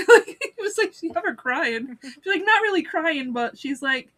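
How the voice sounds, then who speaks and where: A woman's voice: high voice, expressive, moderate pace, few pauses, a bit bright. A woman co-hosting a podcast who laughs often, swears and acts out quotes while recapping an episode on a video call. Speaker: podcast co-host. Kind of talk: casual recap chat.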